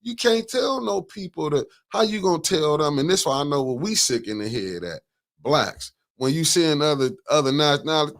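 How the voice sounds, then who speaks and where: A man hosting a casual political talk show, talking in an animated, emphatic way, repeating words and cutting in. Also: fairly high pitch, normal speed. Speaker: host.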